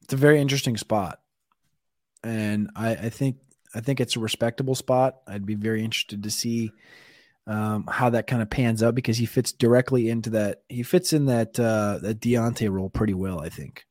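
A man's voice: fairly low pitch, steady tone, normal speed, a little mellow, dry recording, studio quality. A man co-hosting a fantasy football draft show, talking through picks in a rambling, casual way, sometimes stuttering on names. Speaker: podcast co-host.

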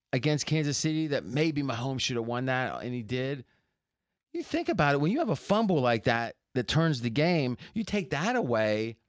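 Animated, higher-voiced male sports pundit. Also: no echo, clean studio sound. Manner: animated, argumentative, thinks aloud with restarts. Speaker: sports betting analyst guest. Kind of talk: casual sports talk.

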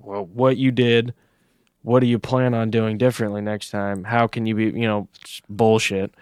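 A man's voice: fairly low pitch, flat delivery, moderate pace, darkish tone, clean tone, no room sound, studio quality. A young man co-hosting a podcast, telling a rambling story in casual chat and swearing freely. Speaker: podcast co-host.

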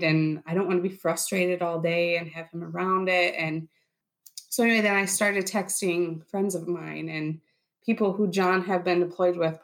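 A woman in her thirties giving an earnest personal testimony in an interview, reliving events and quoting her own thoughts. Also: fairly low pitch. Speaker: interviewee, bereaved military spouse.

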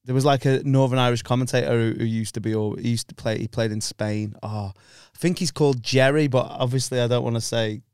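A man talks in loose, rambling podcast banter, swearing freely and breaking into laughs. His voice is smooth and resonant, and the sound is dry and close, with no room around it. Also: medium pitch, steady tone, brisk, few pauses, darkish tone, no room sound. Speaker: stand-up comedian, podcast guest. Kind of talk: casual banter.

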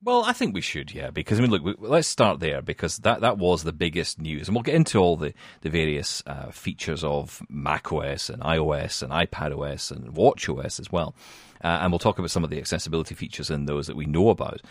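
A man's voice: very deep voice, expressive, fairly quick, no echo, studio quality. A man hosting a casual tech podcast, chatty and self-mocking with lots of fillers. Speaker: podcast host.

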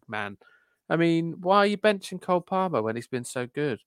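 Male podcast co-host, smooth resonant voice, dry close sound, chatty and wry. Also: a little high, normal speed, no echo. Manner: chatty, self-deprecating, animated asides. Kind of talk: casual chat.

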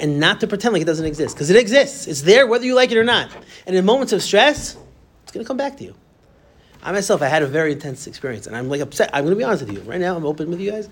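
A man teaching a class of students, talking to them directly in an animated, conversational way. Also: a little high, a little hiss or hum. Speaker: Torah teacher. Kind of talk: classroom lecture.

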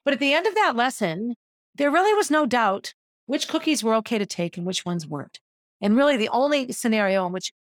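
Woman, ex-teacher, mid-pitched, vivid storyteller, dry close recording. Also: no room sound. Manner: vivid, descriptive, guiding listeners through a scene. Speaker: former teacher telling a personal story. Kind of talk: personal storytelling monologue.

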